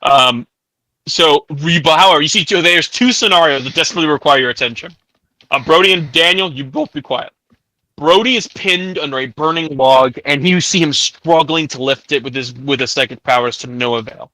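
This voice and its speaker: A bright, fairly high-voiced man runs a tabletop game in casual, filler-heavy talk. The sound is close and dry, as if from a desk mic on a voice call. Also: fairly quick, dry recording, low-quality recording. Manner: casual, many ums and likes, laughs often. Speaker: game master.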